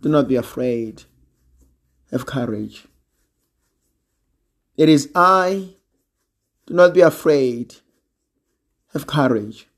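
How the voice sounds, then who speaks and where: A preacher voicing Jesus calmly reassuring frightened disciples, slow and soft. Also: medium pitch, voice pushed down.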